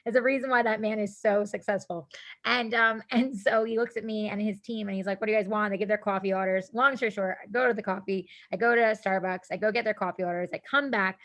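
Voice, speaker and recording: A woman guest on a podcast, telling a story in casual chat, animated, laughing often and acting out what people said. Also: mid-range voice, fast talker. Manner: animated, laughing, acts out quotes, casual swearing.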